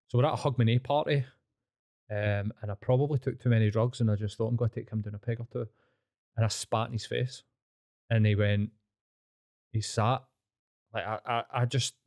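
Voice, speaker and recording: A man's voice: medium pitch, a little mellow, no room sound. A man in his thirties with a Glaswegian Scottish accent, telling blunt, sweary stories as a podcast guest, rambling with restarts. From Scotland. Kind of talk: candid storytelling.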